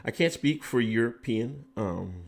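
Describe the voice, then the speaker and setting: Animated man ranting on a stream. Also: medium pitch, measured pace, vocal fry. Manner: rambling, goes off on tangents, restarts sentences. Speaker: host. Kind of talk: casual political commentary stream.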